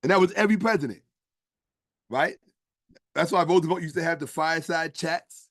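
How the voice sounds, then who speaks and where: High-voiced man lecturing emphatically. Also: a little fast, no echo, clean studio sound. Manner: emphatic, rhetorical, profane, asks the listener questions. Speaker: streamer and history commentator. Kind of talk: casual lecturing talk on a stream.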